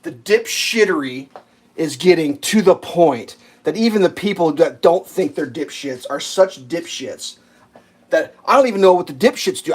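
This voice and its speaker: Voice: mid-range voice, husky. A person around forty ranting sarcastically and swearing in casual rambling chat while cooking on a livestream. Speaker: livestream host.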